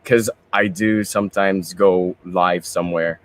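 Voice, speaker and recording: A man's voice: sits low, steady tone, measured pace. A young man and pageant candidate, answering interview questions in a chatty, rambling way and mixing in Tagalog phrases. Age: young adult.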